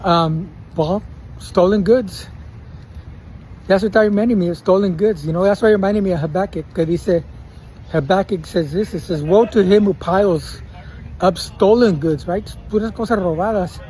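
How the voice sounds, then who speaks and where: Casual preacher man, high-pitched. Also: moderate pace, a little mellow, a little hiss or hum, low-quality recording. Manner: casual, mixes Spanish words into English, chuckles often. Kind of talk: informal devotional sermon.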